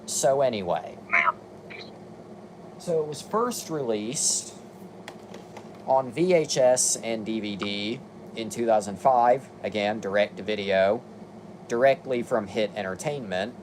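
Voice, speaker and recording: A young man with a lowish voice talks through a review in a casual way. He runs through long lists and drops dry, exasperated asides. A faint hiss sits under his voice. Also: takes it slowly, pauses often, darkish tone. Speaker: video commentator.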